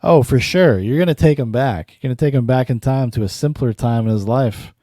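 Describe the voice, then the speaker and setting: A man's voice: medium pitch, fairly quick, dark tone, no room sound, studio quality. A man hosting a podcast, giving casual, sardonic reaction commentary with cursing and laughing asides. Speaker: podcast host.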